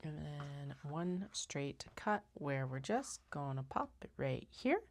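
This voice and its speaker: A woman's voice: low-pitched, sing-song, takes it slowly. A woman giving casual running commentary while cutting fabric on a craft live stream, chatty and wry, swearing and laughing at herself.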